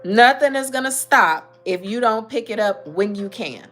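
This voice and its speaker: A woman's voice: on the high side, animated, normal speed, a bit bright, faint music behind. Emphatic woman giving frank advice. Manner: emphatic, preachy, talks straight to listeners. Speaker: mental health talk host. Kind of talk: casual motivational talk.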